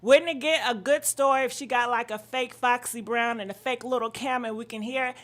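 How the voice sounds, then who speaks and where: A high-pitched woman runs a casual live-stream gossip chat. She sounds a little out of breath and swears freely. Her voice is bright and forward, and she greets commenters by name as she goes. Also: steady tone, normal speed.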